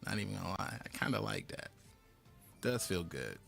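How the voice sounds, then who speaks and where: A man streaming a card game live, loud and playful, laughing and breaking into sudden high shouts and mock-preachy lines. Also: sing-song, normal speed, creaky, faint music behind. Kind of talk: live gameplay commentary.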